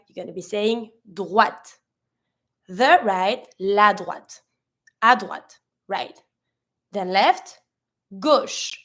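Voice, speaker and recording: Patient woman teaching vocabulary. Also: on the high side. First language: French. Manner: patient, spells out endings and repeats each word. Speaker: French teacher. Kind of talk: recorded language lesson.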